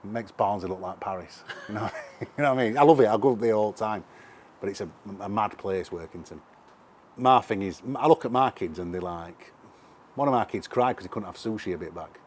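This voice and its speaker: A middle-aged man with a broad Sheffield accent tells stories at speed, loose and sweary. His voice sits fairly low, and he talks like he's chatting with a mate. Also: a little fast, slight background noise. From England. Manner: animated, sweary anecdotes. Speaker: musician guest. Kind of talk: casual interview storytelling.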